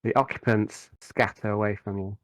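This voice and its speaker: A man narrating as game master in a tabletop game, describing scenes with frequent halting fillers. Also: lowish voice, steady tone, dry recording, rough recording.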